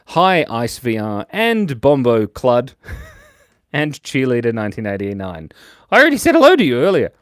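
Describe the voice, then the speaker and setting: A man's voice: mid-range voice, wildly swooping pitch, normal speed, dry recording, clean studio sound. Playful man drawing live with chat. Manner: playful, reads chat comments aloud, giggles often. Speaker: livestream host drawing with chat. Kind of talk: casual live-stream chat.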